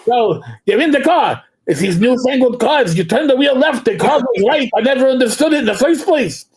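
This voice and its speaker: A man's voice: very high voice, expressive, normal speed, darkish tone, voice pushed up. A man doing an impression of an older comedian, kvetching with exasperated questions.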